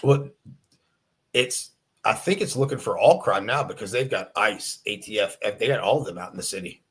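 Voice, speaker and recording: Laid-back, halting male cop guest. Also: on the low side, animated, fairly bright tone. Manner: halting, lots of fillers, measured, sees both sides. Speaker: police officer guest. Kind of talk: casual livestream chat.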